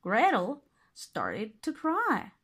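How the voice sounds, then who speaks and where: A woman reading a fairy tale aloud as narrator, expressive and deliberate. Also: a little high, breathy edge. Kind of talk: storybook reading.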